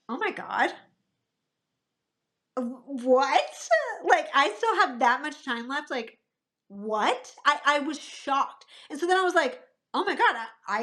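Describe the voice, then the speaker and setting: A woman in her thirties, a podcast guest, telling an animated story and acting out her own past thoughts. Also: sits high. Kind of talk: casual podcast conversation.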